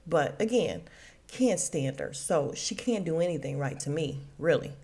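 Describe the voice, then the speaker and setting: A woman's voice: low voice, animated, measured pace, a little mellow. A woman hosting a podcast, recapping a TV episode in a casual, blunt and opinionated way, swearing freely. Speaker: podcast host.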